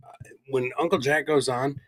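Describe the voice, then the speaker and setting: A man's voice: mid-range voice, steady tone, normal speed, fairly bright tone. A man co-hosting a casual podcast, rambling, joking and swearing freely. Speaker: podcast co-host.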